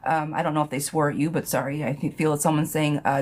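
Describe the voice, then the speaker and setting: A woman's voice: low voice, a little fast, hardly any pauses. A young woman reading tarot on a live stream, casual and sassy, who laughs often and swears freely.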